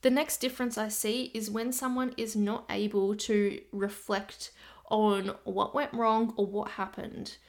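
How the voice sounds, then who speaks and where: A woman nutrition coach from Australia talking casually on her solo podcast, chatty and direct, slipping into quick asides in her clients' voices. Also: medium pitch, flat delivery.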